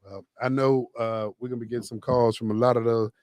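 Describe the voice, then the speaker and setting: A man co-hosting a radio talk show, animated and hyping a sponsor with emphatic repetition. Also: medium pitch, fast, no room sound, studio quality. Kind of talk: lively radio banter and live sponsor read. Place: radio studio.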